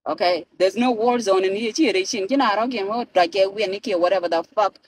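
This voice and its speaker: This rough recording features a South Sudanese woman in a car, ranting profanely into her phone camera as a vlogger. She speaks a little fast in a medium-pitched voice, moving between languages.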